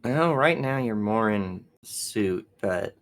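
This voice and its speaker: A man with a very deep, low voice runs a tabletop game as game master. He talks in an offhand, joking way. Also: lively intonation, slow.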